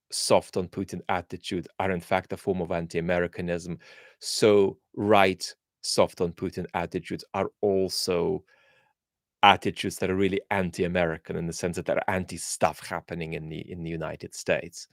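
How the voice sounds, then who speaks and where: A man's voice: deep voice, fairly even intonation, normal speed, no echo, clean studio sound. A man born in Russia hosting a live question-and-answer chat, thinking aloud and answering viewers with frequent ums and restarts. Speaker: host.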